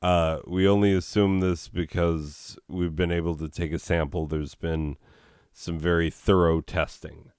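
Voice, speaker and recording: A man's voice: low-pitched, flat delivery, measured pace, darkish tone, clean tone, dry recording, clean studio sound. A man hosting a comedy video, reading absurd entries and riffing on them with sarcastic, rambling asides.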